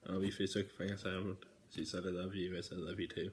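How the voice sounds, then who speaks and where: A young man, talking casually to camera in a vlog Q and A, swinging between hushed mock-serious musing and loud, excited chatter. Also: deep voice, brisk, few pauses, a little hiss or hum. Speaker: YouTuber.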